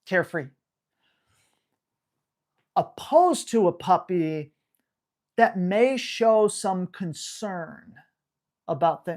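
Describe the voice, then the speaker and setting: A man's voice: high-pitched, animated, very slow, pauses often, a little mellow. A man hosting a live dog-training Q&A, talking bluntly and hammering home key words. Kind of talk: live Q&A stream.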